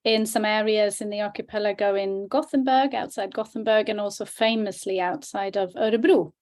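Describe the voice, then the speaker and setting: A woman's voice: mid-range voice, fairly even intonation, a little fast, a little mellow. A woman in casual conversation, talking lightly and informally. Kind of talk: casual chat.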